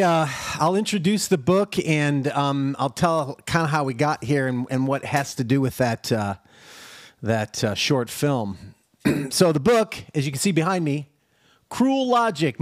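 A man's voice: on the high side, measured pace, dry recording, studio quality. A man on a video call, a novelist guest chatting casually and jokingly in a podcast interview. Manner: friendly, joking, animated.

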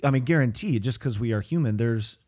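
Pastor guy chatting on a podcast, rambly and upbeat, lots of ums and restarts, mid-pitched voice. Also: fairly quick, darkish tone. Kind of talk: casual chat.

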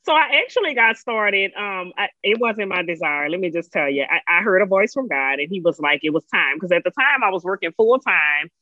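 A woman's voice: lowish voice, animated, brisk, hardly any pauses, bright, forceful tone, no echo, highs cut off. A woman from Louisiana with a Louisiana accent, telling her story as a podcast guest in a folksy, laughing way. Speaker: guest, business owner. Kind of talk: casual interview chat.

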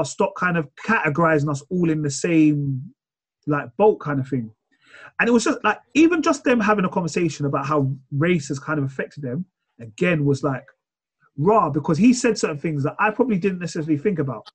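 A man chatting casually on a podcast, retelling a show in a rambling, animated way. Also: fairly high pitch, fairly quick, husky.

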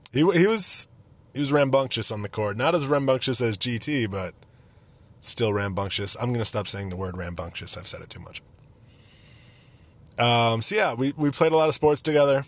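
A man's voice: mid-range voice, fairly bright tone, no room sound. A young man hosting a podcast, telling casual stories about a friend with self-mocking jokes. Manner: self-mocking, joking, nostalgic. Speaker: podcast host. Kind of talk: casual storytelling monologue.

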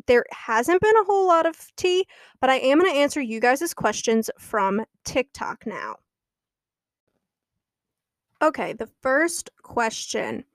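A woman's voice: sits high, no room sound, studio quality. A young woman hosting her own podcast, chatting casually and gossiping, often laughing as she talks. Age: young adult. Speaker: podcast host. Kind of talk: casual chat.

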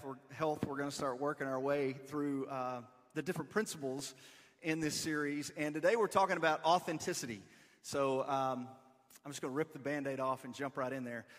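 A pastor in his forties tells a story from the pulpit, casual and self-deprecating in an easygoing, conversational sermon. His voice sits a little high for a man. It carries a long reverb tail through a large church sanctuary. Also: a bit bright.

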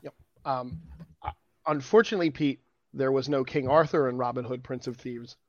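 A man co-hosts a casual geek news podcast, jokingly reading out rankings and news items and trading quips with his co-host. He speaks at medium pitch and normal speed with no room sound, and the recording is dull and lo-fi.

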